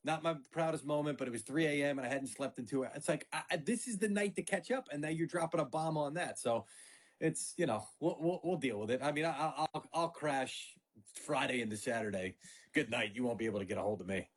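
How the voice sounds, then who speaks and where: A man's voice: on the high side, a little fast, husky. A middle-aged man, a sports media guest, chatting casually and acting out family quotes as he tells stories. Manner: animated storyteller, acts out family quotes. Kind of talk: casual podcast chat.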